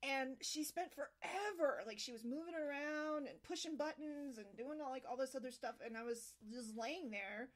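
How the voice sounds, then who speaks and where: A woman with a fairly high voice tells a personal story at home, full of "um"s and restarts. She gets animated and jumps into higher voices when quoting people. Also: moderate pace, hardly any pauses. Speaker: host. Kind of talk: casual storytelling interview.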